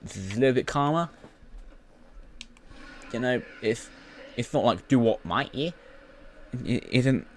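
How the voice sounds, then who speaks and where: A man's voice: mid-range voice, animated, slow, long pauses, slight background noise. A British man who is a YouTuber, rambling through casual gaming commentary full of fillers and restarts.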